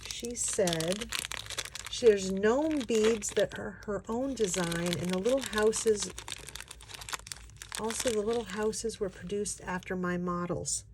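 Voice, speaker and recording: A woman chatting casually as a craft vlogger, gushing and excited, often gasping as she unboxes. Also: medium pitch, slow pace, background noise.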